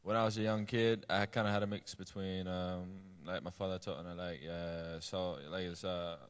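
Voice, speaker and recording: A man's voice: low-pitched, level tone, normal speed, clean tone. A man with a West Indian accent, talking loosely with many fillers and restarts as a guest on a convention panel. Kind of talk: casual panel chat.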